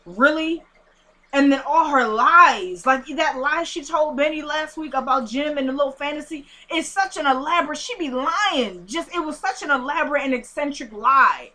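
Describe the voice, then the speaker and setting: A woman casually recapping a TV episode, retelling scenes in an animated, indignant way. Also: high voice, normal speed, hardly any pauses. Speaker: TV show recapper.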